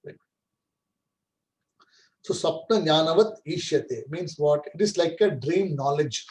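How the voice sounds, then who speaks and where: On a low-quality recording, a Vedanta teacher speaks warmly in a slightly high voice. Patient in his explanations of scripture, he regularly checks comprehension by asking "right?" and "correct?"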